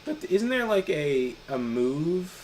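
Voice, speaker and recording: A man's voice: on the high side, sing-song, slow pace, darkish tone, slight background noise. A man co-hosting a gaming stream, telling a rambling story in casual chat with bursts of laughter and swearing. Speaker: gaming channel co-host.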